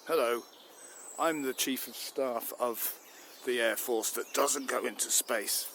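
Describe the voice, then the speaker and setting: A man playing a furious, blustering air force chief who rants and shouts. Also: mid-range voice, slow, a little hiss or hum. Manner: ranting, shouting, swearing. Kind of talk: improvised comedy.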